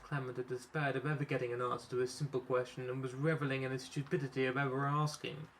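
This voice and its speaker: A man of middle pitch narrates a comic story he wrote himself. He reads at a steady pace and now and then trips over a word before he goes on. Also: a little hiss or hum, rough recording. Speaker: author and narrator. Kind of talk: reading his own comic story.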